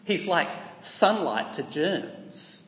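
A man's voice: fairly high pitch, sing-song, extremely slow, a bit bright. A man with an Australian accent preaching a sermon in an earnest, emphatic way, asking rhetorical questions. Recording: echoey hall with long reverb.

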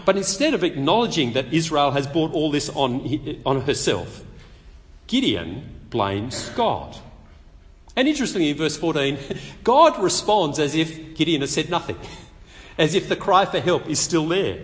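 A man preaching a sermon, telling the story lively and acting out the quotes. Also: fairly high pitch, unhurried, in a large hall.

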